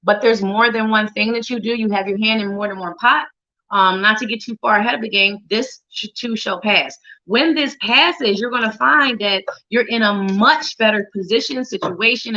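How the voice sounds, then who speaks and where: Over dull, lo-fi livestream audio, a woman with a sharp-toned, mid-range voice does tarot readings on a live show. Playful and talkative, she calls viewers by name and hums and sings small tunes as she shuffles.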